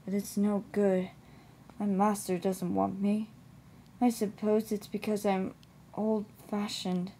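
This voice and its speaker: A woman voicing a sad, proud old male traction engine in a storybook reading, gentle and wistful. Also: mid-range voice, a little slow, a little hiss or hum, close to an everyday voice.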